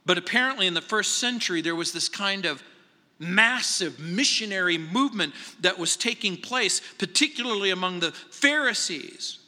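A male pastor preaching a verse-by-verse sermon, conversational and emphatic, moving between quiet asides and raised stresses. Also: sits high, animated, moderate pace. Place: church sanctuary. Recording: long church hall reverb.

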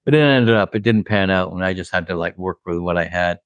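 A man's voice: low-pitched, fairly quick, clean tone, no echo, lo-fi sound. A man, a record producer, telling studio stories in a rambling, casual way, full of "like" and "you know", laughing at his own anecdotes. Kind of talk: casual storytelling.

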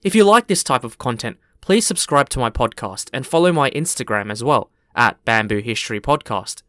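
A man's voice: mid-range voice, expressive, normal speed, fairly bright tone, dry recording, studio quality. A man hosting a history podcast, speaking in a friendly way and spelling out names. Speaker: podcast host.

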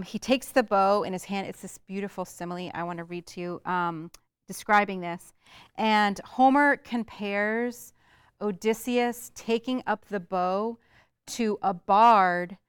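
A woman's voice: mid-range voice, smooth, no echo, studio quality. A woman teaching a literature lesson in a chatty way, with many fillers as she explains and reads aloud.

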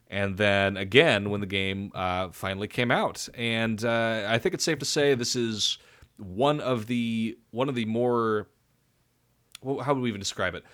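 Male podcast co-host, lower voice, loose rambling delivery full of fillers. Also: a bit bright. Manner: rambling with many fillers and restarts. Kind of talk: casual podcast chat.

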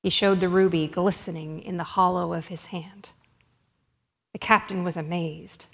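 A woman narrates a story in a measured, expressive reading voice. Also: lowish voice, vocal fry. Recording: long hall reverb.

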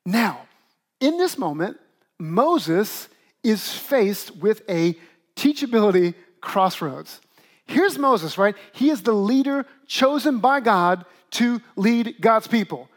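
A middle-aged man, a pastor, preaching a conversational sermon with lively asides to the congregation. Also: high voice, slow.

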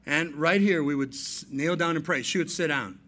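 Pastor, male, 50s, high voice; sermon delivery, shifts between hushed asides and loud emphatic points. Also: normal speed. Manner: storytelling preacher, swings between soft asides and emphatic raised points.

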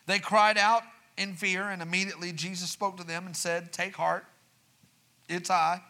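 A man preaching a sermon in a church. He reads scripture quietly, asks the congregation for responses, and then builds to raised, urgent preaching. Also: sits high, flat delivery, moderate pace.

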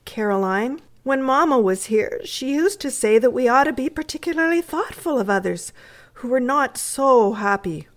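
A woman voicing a thoughtful, gentle young girl in a readers' theatre story reading. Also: high voice, lively intonation, normal speed, pitched above the performer's own voice. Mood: earnest.

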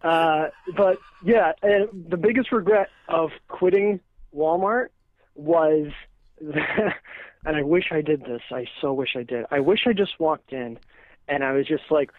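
A stand-up comedian in his thirties spins loose, foul-mouthed stories on a podcast, laughing as he goes. His voice sits a little high for a man. The recording is muffled and lo-fi. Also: measured pace, dry recording. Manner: animated, profane, laughs often at his own stories. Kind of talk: casual podcast storytelling.

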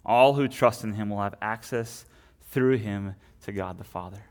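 A man's voice: on the low side, moderate pace, creaky. A man, probably young, preaching a conversational sermon, often adding "right?" and restarting his sentences.

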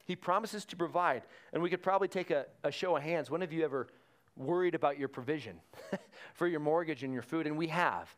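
Male pastor, slightly high voice, easygoing sermon delivery with lively storytelling. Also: fairly quick. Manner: conversational preaching, animated retelling of stories.

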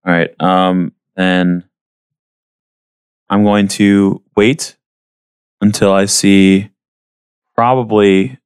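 A man's voice: low voice, fairly even intonation, drawn-out words, long pauses, clear, resonant tone, no echo, clean studio sound. A man playing a tabletop game, laid-back and hesitant as he plans his move. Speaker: player.

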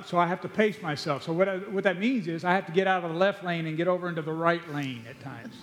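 A man preaching a sermon as pastor, stretching key words slowly with emphasis and tiring easily, short of breath. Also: fairly high pitch. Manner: preaching with slow, drawn-out emphasis and repeated words. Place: church sanctuary. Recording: long church reverb.

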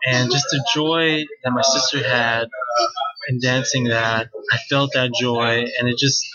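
A man's voice: medium pitch, steady tone, a little slow, dull audio, over a noisy crowd. A man talking casually on his own, rambling and chatty with lots of filler words and slang. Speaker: wedding guest recounting his sister's wedding. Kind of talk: casual solo monologue.

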